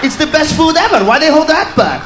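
High-pitched shouting comedian on stage. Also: male voice, sing-song, fairly quick. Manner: loud, profane, frequently shouting and laughing. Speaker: stand-up comedian. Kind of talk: stand-up comedy set. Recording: live club recording with crowd noise. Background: audience noise.

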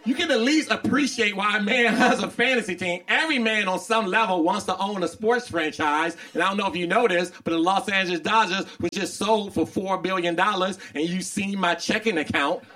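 A man's voice: high voice, fairly quick, hardly any pauses, bright, forceful tone. A man performing a stand-up comedy routine, talking to the crowd and acting out little dialogues. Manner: conversational, acts out dialogue.

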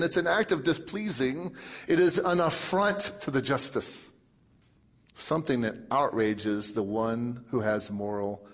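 A male pastor preaching a sermon, emphatic, with lots of repetition and big swings between loud and soft. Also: on the high side.

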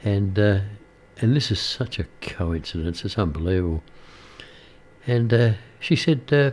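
A man's voice: on the low side, lively intonation, measured pace, a little mellow. An older man, a radio presenter chatting casually and rambling with many fillers and restarts.

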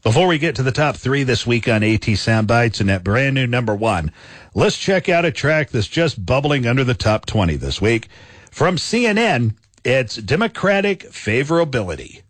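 A man hosting a weekly radio countdown of news soundbites, in upbeat announcer style with drawn-out emphasis. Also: medium pitch, sing-song, dry recording.

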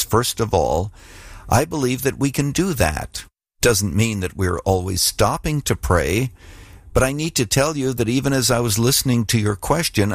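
Low-voiced pastor talking straight to listeners. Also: male voice, dry recording, studio quality. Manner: warm, direct, conversational. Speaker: pastor and radio host. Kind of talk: radio ministry talk.

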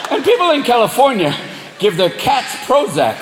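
A male stand-up comedian performing, animated, profane and loud. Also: extremely high pitch, normal speed, background noise. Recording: echoey hall with loud crowd.

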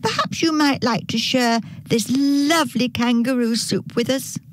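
A woman voicing a gentle, welcoming old grandmother in a children's story. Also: a little high, unhurried, no room sound, voice pushed up, lightly acted. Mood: kindly.

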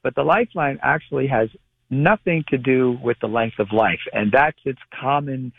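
A man who is a guest on a call-in radio show explains palmistry in a measured way, often restarting his phrases. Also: medium pitch, gravelly, husky. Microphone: telephone. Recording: tinny phone line, dry.

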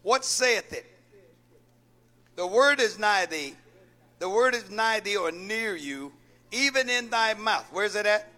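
High bright preacher guy, keeps asking the church to answer back. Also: animated, slow, pauses often. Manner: preaching with repeated calls to the congregation. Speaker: pastor. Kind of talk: call-and-response sermon.

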